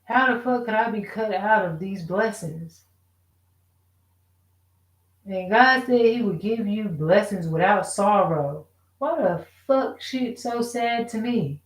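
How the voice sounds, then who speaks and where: A woman's voice: medium pitch, lively intonation, slow pace, long pauses. A woman venting in a casual, rambling rant, frustrated and profane, full of rhetorical questions. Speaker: vlogger. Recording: echoey room.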